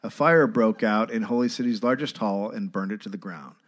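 A man's voice: on the low side, fairly quick. A man co-hosting a live comedy podcast, reading old letters and history aloud and sometimes laughing. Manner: reads documents aloud, often breaking into laughter. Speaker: podcast co-host reading the story.

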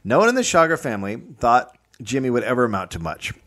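A man with a medium-pitched voice who tells a history story for a comedy podcast. He keeps it dry and matter-of-fact, dropping in wry asides along the way. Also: big pitch swings, fast, fairly bright tone.

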